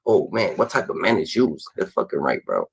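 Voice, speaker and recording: A man tears into an interview clip in a fast, mocking rant. His voice is husky and a little low. The sound is close and dry. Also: huge pitch swings, dry recording, rough recording. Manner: mocking, filler chant "da, da, da". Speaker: reaction commentator. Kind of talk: profane reaction rant.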